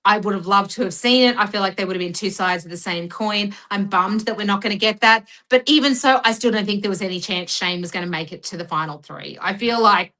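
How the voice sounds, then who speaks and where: Bright, emphatic woman. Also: mid-range voice, fast, few pauses, rough recording. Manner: blunt, emphatic opinions. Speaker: podcast co-host. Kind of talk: casual podcast chat.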